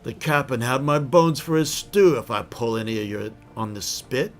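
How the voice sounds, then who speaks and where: A man voicing a hungry male troll who bellows and taunts in a rough dialect. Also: medium pitch, normal speed, soft background music, pitched above the performer's own voice, lightly acted. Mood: mocking.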